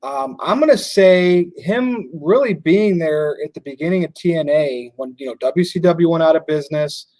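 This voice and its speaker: A man's voice: on the high side, moderate pace, hardly any pauses, darkish tone, no echo. A man co-hosting a wrestling podcast, chatting casually and tossing questions to his partner. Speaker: podcast co-host.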